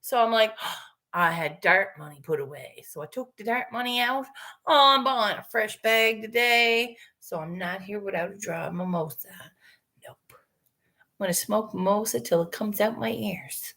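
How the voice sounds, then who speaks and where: A woman's voice: mid-range voice, moderate pace, sharp tone. A woman casually chatting with her livestream viewers, rambling, swearing freely and laughing often.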